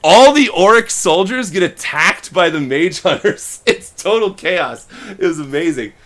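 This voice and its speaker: A man co-hosting a podcast, casually retelling a story and acting out the characters' lines in quick little voices. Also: high-pitched, animated, a bit bright. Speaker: podcast co-host.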